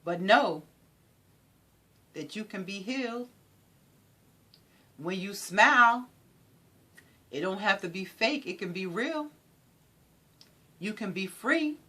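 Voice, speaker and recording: A woman giving an inspirational talk in an animated, preacherly way, repeating phrases for emphasis. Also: medium pitch. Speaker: motivational speaker.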